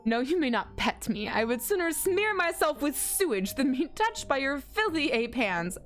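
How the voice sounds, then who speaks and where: A woman's voice: high voice, sing-song, moderate pace, fairly bright tone, faint music behind. A woman voicing a haughty, contemptuous female tuxedo cat in a story game, with a scornful, insulting delivery. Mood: disdainful. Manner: scornful, insulting, attempts French flavor.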